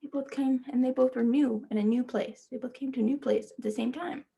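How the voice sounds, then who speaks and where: A woman teacher reading a children's picture book aloud, stopping to gently ask her young listeners questions. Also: sits high, fairly even intonation, brisk, vocal fry, husky. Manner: speaks to children as "friends".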